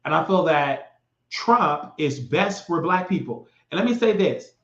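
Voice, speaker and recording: A man's voice: fairly high pitch, lively intonation, unhurried, fairly bright tone. A man hosting a political commentary show. He rants in a heated, mocking, sassy way. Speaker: show host. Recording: echoey, dull lo-fi room sound.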